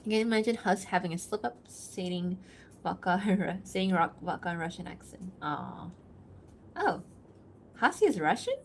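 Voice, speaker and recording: A woman livestreaming while she draws, casually reading out and answering chat, chatty and quick to giggle, thinking aloud with fillers. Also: lowish voice, expressive, slight background noise. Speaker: livestreaming artist.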